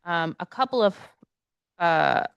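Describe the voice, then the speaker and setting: A woman's voice: fairly low pitch, lively intonation, slow, a bit bright, smooth, dry recording, highs cut off. A woman speaking as a councilmember at a city council meeting, talking hesitantly with many fillers and restarts.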